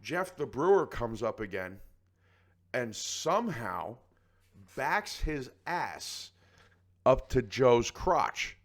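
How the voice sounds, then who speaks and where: A man's voice: medium pitch, very animated, takes it slowly. A man co-hosting a podcast, telling a story in casual chat and acting out other people's voices. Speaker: podcast co-host.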